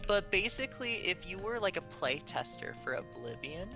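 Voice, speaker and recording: Enthusiastic rambling chatter, animated pitch. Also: moderate pace, gravelly, over music. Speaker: guest, former game play tester. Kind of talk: casual chat.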